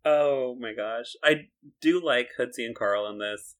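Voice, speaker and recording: A man's voice: mid-range voice, unhurried. A man co-hosting a podcast, chatting casually about a cartoon and laughing often. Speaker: podcast co-host. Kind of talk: casual chat reviewing a cartoon.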